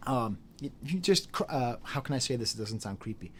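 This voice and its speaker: Animated man reviewing records. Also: mid-range voice, a little fast, breathy edge. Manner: animated, jokey, laughs and mimics voices; sings and beatboxes drum patterns. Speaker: music reviewer. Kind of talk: casual album review.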